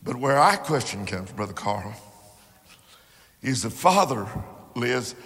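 A man preaching a sermon, telling a story slowly and building to impassioned, shouted peaks. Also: mid-range voice, big pitch swings, in a large hall.

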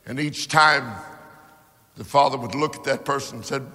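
A man preaching a sermon, telling a story slowly and building to impassioned, shouted peaks. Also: mid-range voice, in a large hall.

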